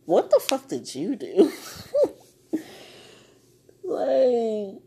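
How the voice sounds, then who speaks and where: Tearful young woman venting, husky voice. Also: on the high side, huge pitch swings, very slow, mellow. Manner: swearing, rambling, emotional. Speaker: podcaster. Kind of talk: raw personal venting monologue.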